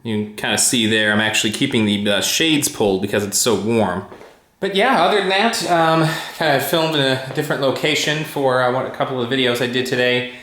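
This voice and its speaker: A man in a casual home vlog, talking loosely to the camera and filling pauses with uhs and ums. His voice sits at an ordinary middle pitch. The room around him rings with noticeable echo. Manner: rambling, relaxed, many uhs and ums. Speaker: tech YouTuber vlogging his day. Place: at home indoors.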